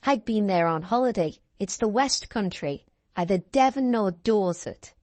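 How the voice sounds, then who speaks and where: A woman's voice: mid-range voice, lively intonation, a little slow, darkish tone. A woman chatting playfully and enthusiastically as a quiz contestant on a podcast. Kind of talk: casual chat.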